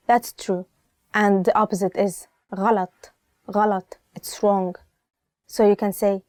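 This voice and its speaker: A young woman teaching Egyptian Arabic phrases in a casual lesson, chatty and laughing, repeating each phrase slowly. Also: mid-range voice, fairly even intonation, mellow, dry recording, studio quality.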